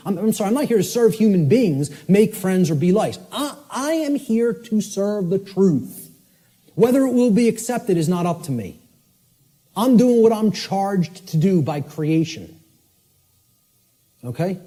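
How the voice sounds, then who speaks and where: Man, lecture, emphatic, high swinging pitch, dark mellow tone. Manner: forceful, emphatic, repeats okay to check in; spells out words letter by letter.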